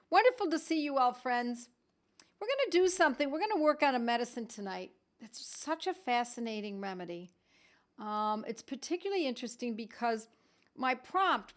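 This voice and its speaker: A middle-aged woman hosting a weekly live stream, chatting casually and reading out viewers' greetings with a laugh. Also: fairly high pitch.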